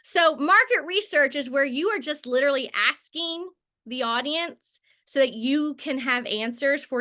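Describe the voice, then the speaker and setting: A woman's voice: high voice, pushed and bright. A woman in her thirties giving a casual training talk on selling through social media, chatty and full of tangents and filler words. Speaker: network marketing trainer.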